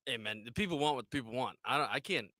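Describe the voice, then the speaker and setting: A man's voice: mid-range voice, expressive, bright, forceful tone, dry recording, studio quality. A man co-hosting a sports talk show, telling stories casually and laughing often. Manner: fast, laughing, acts out quotes. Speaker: co-host.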